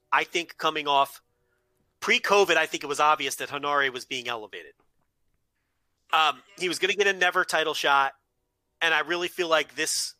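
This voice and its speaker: A man with a very bright, forward, fairly high-pitched voice lays out his argument point by point, steady and confident in his reasoning. The recording is dry and close with no room sound, and he brings a podcast co-host's casual back-and-forth to the analytical chat.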